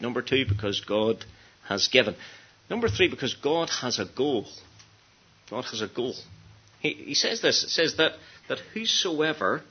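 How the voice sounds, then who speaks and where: A man preaching a gospel sermon, earnest, dropping to hushed tones and then rising to emphatic peaks. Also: mid-range voice, breathy edge. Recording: dull lo-fi sermon recording.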